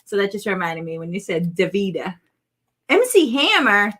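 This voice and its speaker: A woman's voice: medium pitch, very animated, moderate pace, fairly bright tone. A woman in her thirties or forties hosting a casual crafting vlog, chatty, rambling and playful with her viewers. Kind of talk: casual livestream chat.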